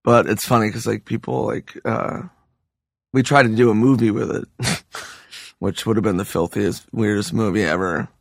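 A man's voice: on the low side, fairly even intonation, moderate pace, creaky, no room sound, studio quality. A hungover man, a comedian guest, telling loose, profane stories in a casual podcast interview. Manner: loose, profane storytelling with restarts.

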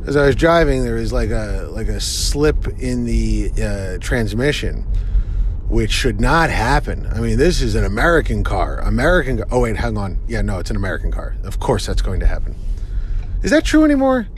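A man's voice: lowish voice, animated, moderate pace. A middle-aged man hosting a casual solo podcast while driving, rambling through jokey, self-deprecating asides. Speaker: podcast host. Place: inside a car. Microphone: phone or recorder in the car. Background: car and road noise.

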